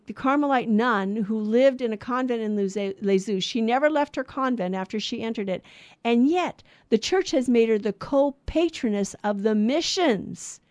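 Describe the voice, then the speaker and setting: A woman co-hosting a Bible radio show, teaching in an earnest manner and listing virtues and sins in a steady, measured cadence. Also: a little high, no room sound.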